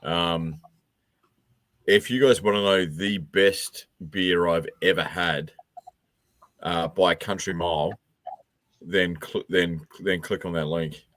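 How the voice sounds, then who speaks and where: Very deep-voiced, halting man. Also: fairly even intonation, fairly bright tone, no room sound. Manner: hesitant, halting, repeats words. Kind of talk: casual chat.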